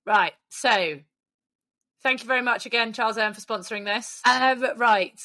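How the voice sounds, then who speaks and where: A woman's voice: on the high side, bright, forceful tone. A woman co-hosting a podcast in cheeky, sweary casual chat. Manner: cheeky, sweary, quick to laugh. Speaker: podcast co-host.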